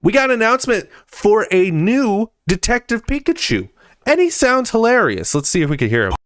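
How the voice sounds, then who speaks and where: A man's voice: sits high, big pitch swings, normal speed, fairly bright tone. A young man hosting a podcast, chatting casually and enthusiastically about gaming news, with frequent fillers. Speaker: podcast host.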